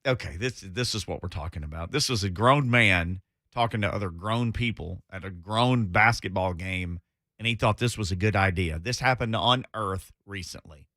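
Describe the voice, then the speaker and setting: Male co-host, low pitch, crisp bright tone, dry-witted delivery. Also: moderate pace, dry recording. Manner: wry, joking. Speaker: sports radio co-host. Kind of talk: casual sports talk.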